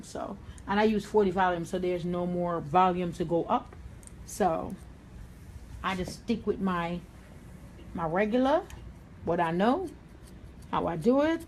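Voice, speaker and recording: A woman's voice: mid-range voice, darkish tone, a little hiss or hum. A middle-aged woman hairstylist with a New York accent teaching on a live stream, blunt, confident and streetwise. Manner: blunt, confident, streetwise, with Southern-tinged slang. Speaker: hairstylist and salon owner. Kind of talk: livestream haircut tutorial.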